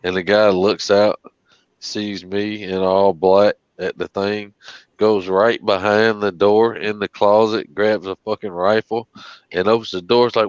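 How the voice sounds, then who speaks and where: Low-voiced blunt man, dull dry sound. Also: flat delivery, unhurried, smooth, no room sound. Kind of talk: casual chat.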